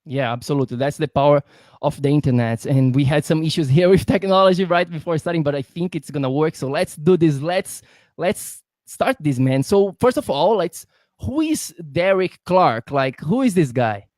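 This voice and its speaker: A friendly, eager man from Brazil hosts a live interview over a video call, speaking English as a native Portuguese speaker. His voice sits a bit high for a man and he often calls his guest "man". The recording is dry and close. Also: expressive, moderate pace, darkish tone, dry recording. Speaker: podcast host. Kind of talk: casual livestream interview.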